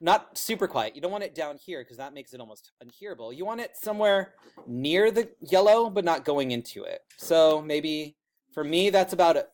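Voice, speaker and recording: A man with a high-pitched voice walks a classroom of students through a software tool. He projects in a loud teacher voice but keeps it loose and chatty, full of fillers and quick asides. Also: lively intonation.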